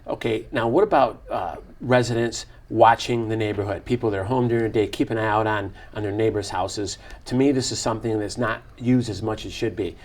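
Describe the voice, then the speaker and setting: Fast-talking man hosting an interview. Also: on the low side. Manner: praises the guest, then asks open questions. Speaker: fire chief and host. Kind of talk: interview questions.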